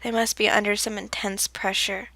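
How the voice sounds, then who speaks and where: A woman reading her own story aloud in the first person, soft-spoken and often dropping to a whisper. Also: mid-range voice, little pitch movement, normal speed, dry recording. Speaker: fanfiction reader.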